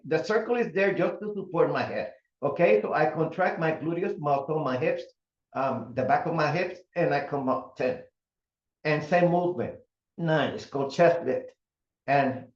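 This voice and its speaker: A man in his seventies leading an at-home mat exercise class, counting reps and giving calm breathing cues. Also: a little high. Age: 70s. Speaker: fitness instructor. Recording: roomy, dull home recording.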